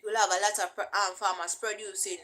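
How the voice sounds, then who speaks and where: A woman's voice: medium pitch, flat delivery, a little fast, sharp tone, poor audio. A young Jamaican woman vlogger explaining things in a casual, chatty way and often checking in with "right?".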